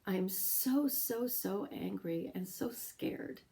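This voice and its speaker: A middle-aged woman telling a personal story in an earnest, emotional way, pausing often as she speaks. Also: mid-range voice, gravelly, mellow. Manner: earnest, emotional, with halting pauses. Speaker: podcast host sharing her story.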